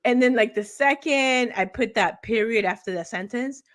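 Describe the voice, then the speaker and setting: A woman's voice: a little high, moderate pace. A woman co-hosting a casual morning talk show over a video call. She tells a long personal story, laughs often and acts out the other people in it. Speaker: co-host.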